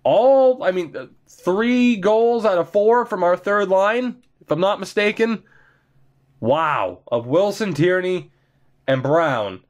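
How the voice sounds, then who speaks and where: A man commentating his own hockey video game play, chatty and excitable, laughing often, while getting over being sick. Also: high-pitched, slow pace. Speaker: gaming commentator.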